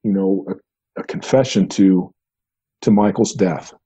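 A man's voice: low voice, a little slow, mellow, husky, highs cut off. A middle-aged man, a retired federal agent, recounting an old case in conversation, often restarting and repeating words. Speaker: retired FBI agent, podcast guest.

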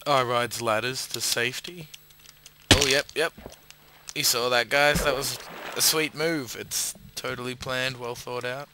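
A man with an Australian accent, a bit drunk, giving casual gameplay commentary and swearing loudly at his own failed jumps. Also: mid-range voice, fairly even intonation, unhurried, background noise. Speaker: gamer playing a parkour map.

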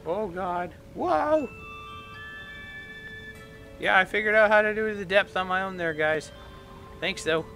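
A man playing a video game, chatting excitedly and reading the on-screen text aloud. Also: high voice, slow, vocal fry, pauses often. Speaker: gaming YouTuber. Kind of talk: let's play commentary. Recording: light game music behind.

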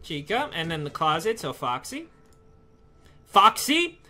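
Jumpy, lively-voiced horror game player. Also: medium pitch, brisk. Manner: jumpy, talks to the game's figures, bursts into scared yells. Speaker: let's play gamer.

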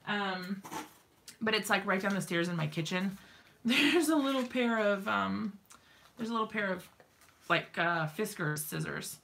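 A woman's voice: mid-range voice, animated, a little slow, gravelly, long pauses, fairly bright tone, slight background noise. A woman hosting a crafting live stream from her home craft room, chatting casually and giggling, with many ums and likes.

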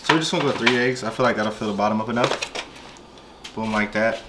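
A fast-talking man with a laid-back, slangy way of chatting to his viewers while he cooks in a home kitchen. Clear kitchen clatter of dishes and pans runs behind him. His pitch sits in an ordinary middle range. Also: heavy background noise. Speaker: vlog host cooking fish. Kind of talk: casual cooking vlog chat.

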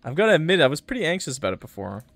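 Lively joking male game streamer. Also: a little high, racing, creaky, slight background noise. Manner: laughs often, joking with chat. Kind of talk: casual gameplay commentary.

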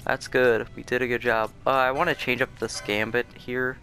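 A young man with a bright, forward voice talks his way through a video game, rambling and casual, restarting sentences and filling pauses. His pitch sits in an ordinary middle range, and faint game music plays under his voice. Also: little pitch movement. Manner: rambling and chatty, with many fillers and restarts. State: sleepy, yawning. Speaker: let's play host. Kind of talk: casual gameplay commentary.

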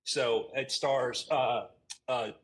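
A man's voice: mid-range voice, steady tone, drawn-out words, low-quality recording. A man chatting casually on a podcast, enthusiastic and prone to going off on tangents. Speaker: podcast co-host. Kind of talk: casual chat.

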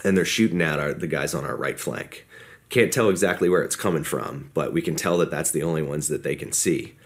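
A man's voice: a bass voice, brisk. A man telling a war story in an interview, casual and talkative, acting out what people said. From United States. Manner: casual storytelling, acts out quoted dialogue. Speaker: podcast guest.

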